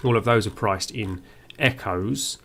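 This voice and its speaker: A man's voice: lowish voice, a little slow, fairly bright tone. A man giving first-play game commentary, musing aloud and reading on-screen text as he goes. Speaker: game streamer.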